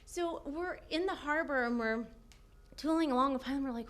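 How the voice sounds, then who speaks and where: A young woman telling a comic personal story, animated and laughing often as she acts out what people said. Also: high-pitched, brisk.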